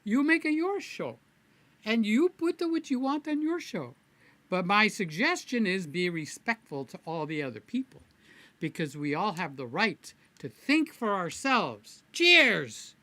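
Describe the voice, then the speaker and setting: A man hosting a live stream in a loose, rambling, playful chat, greeting viewers one by one. His voice is bright and forceful, and the sound is close and dry with no room echo. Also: high voice, very animated, unhurried. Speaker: livestream host.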